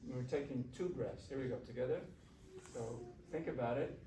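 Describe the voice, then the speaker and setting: A man's voice: medium pitch, a little fast. Male music teacher leading a workshop, chatty and coaxing, distant mic in an echoey classroom. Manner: conversational, coaxing, asks the class questions. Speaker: shakuhachi teacher. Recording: roomy, from far off, faint hiss.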